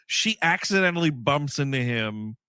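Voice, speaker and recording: A man's voice: mid-range voice, lively intonation, moderate pace, sharp tone, clear, resonant tone, no echo, studio quality. A man co-hosting a movie podcast, joking and swearing as he riffs on scenes in casual comedic chat. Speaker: podcast co-host.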